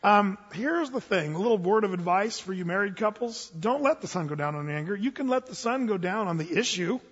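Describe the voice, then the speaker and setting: A male pastor with a high, husky voice delivers a folksy, humorous sermon full of restarts and asides. The sound is dull and washed in long hall reverb, as if from a church sanctuary. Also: expressive, fairly quick. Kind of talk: conversational sermon.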